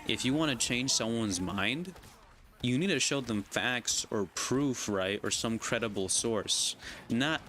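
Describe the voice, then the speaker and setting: A man's voice: medium pitch, unhurried, a bit bright, a little hiss or hum. A man streaming a game and venting casually. He argues his point and keeps tagging his sentences with "right?" and "you know?". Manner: argumentative, constantly asks "right?" and "you know?". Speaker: gaming streamer. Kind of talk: casual rant while gaming.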